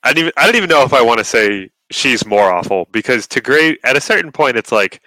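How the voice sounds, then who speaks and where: Podcast co-host, male, bright and crisp, stammering, sweary, casual chat on a dry-sounding mic. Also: mid-range voice, animated, quick pace, no echo, rough recording. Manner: stammering restarts, repeats words; profane, exasperated rants.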